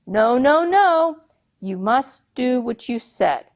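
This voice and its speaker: Brief: bossy folk-tale soldiers, loud and raised, voiced by a woman. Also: fairly high pitch, animated, unhurried. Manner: loud, brusque, commanding. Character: bossy soldiers and their captain.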